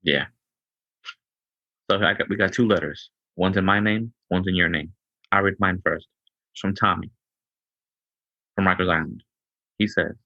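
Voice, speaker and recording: A laid-back male podcast co-host with a very deep voice who stumbles and restarts as he talks. The recording is dry and a little dull and muffled. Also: steady tone, moderate pace, long pauses, no room sound. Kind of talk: casual chat.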